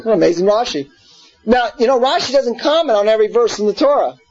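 A man's voice: sits high, lively intonation, quick pace, a little mellow, lo-fi sound, soft background music. A man teaching a scripture class in an earnest way, repeating words and putting questions to his listeners. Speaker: Torah teacher.

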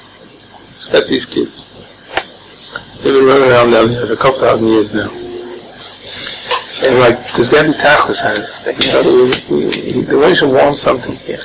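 A man giving an informal Torah class, animated, firing off rhetorical questions and often chuckling. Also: mid-range voice, creaky. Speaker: Torah teacher. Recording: noisy background.

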